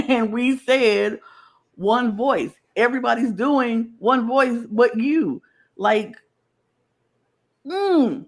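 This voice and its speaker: A woman co-hosting a casual podcast chat, talking in an animated way and acting out the quoted lines she retells. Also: fairly high pitch, takes it slowly, long pauses. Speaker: podcast co-host.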